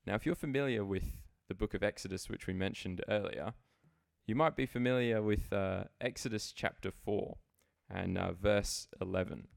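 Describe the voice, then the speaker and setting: A man delivers a sermon in an earnest, reflective way, often circling back to restart a phrase. His voice sits a little low and carries a gravelly edge. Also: normal speed. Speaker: preacher.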